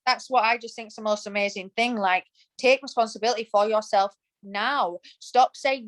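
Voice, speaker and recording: Woman, 30s, slightly high voice, emphatic, passionate, podcast guest chatting. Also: normal speed, rough recording. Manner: emphatic and passionate, acts out quoted thoughts. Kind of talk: casual interview chat.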